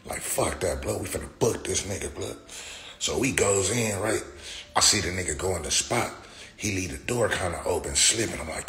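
The audio carries a roomy echo and a faint hiss as a man with a low-pitched, sharp voice streams live. He's a laughing storyteller, casual and profane, heavy on slang.

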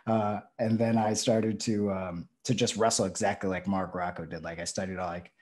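A male pro wrestler speaks as an interview guest in a low, slightly mellow voice. He talks casually and rambles, with lots of fillers and restarts.

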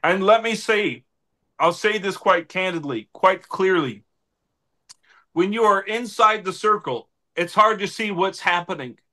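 A man's voice: high-pitched, expressive, a little slow, pushed and bright. A man speaking as an interview guest, making an impassioned, preacher-like plea with repeated appeals to God. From United States. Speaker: guest, political adviser.

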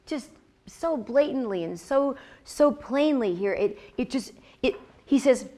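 A woman's voice: high-pitched, unhurried. Woman teaching scripture in conversational style. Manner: repeats phrases, checks in with "okay?" and "right?"; animated, acts out God's words. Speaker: Bible teacher.

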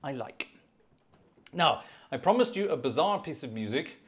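A man with a fairly high voice hosts a live organ stream in casual, chatty talk. He muses aloud and drops quiet asides to himself as he goes. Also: very animated, normal speed, breathy edge.

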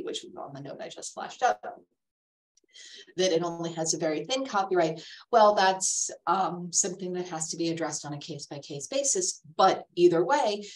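A woman's voice: fairly low pitch, recorded from a distance, low-quality recording. A woman giving a webinar talk on art law, her voice worn and fading after illness, explaining with frequent ums. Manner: explanatory, steady lecturing with many ums. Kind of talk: webinar presentation.

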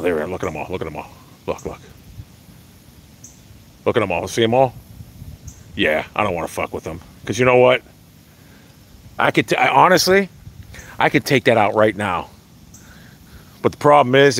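A man livestreaming outdoors on his phone, rambling excitably to his viewers and swearing freely. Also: fairly low pitch, moderate pace, long pauses. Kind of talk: outdoor live stream chat. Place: outdoors by a hill.

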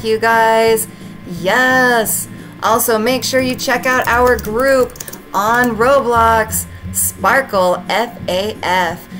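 A woman hosting a gaming channel, commenting casually and gushing excitedly to her viewers. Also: a little high, poor audio. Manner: gushing, excitable, keeps addressing "you guys". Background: background music.

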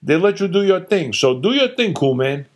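A man's voice: medium pitch, animated, moderate pace. A man voicing a blustering, combative older father who rants emphatically and scornfully, in a story he reads aloud. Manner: loud, emphatic, scornful ranting. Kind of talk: storytelling reading with character voices.

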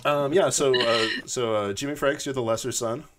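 A man's voice: mid-range voice, steady tone, normal speed, a bit bright. A man co-hosting a comedy podcast, handing out roles in a rambling, self-mocking way. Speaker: podcast co-host assigning parts. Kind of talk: casual chat.

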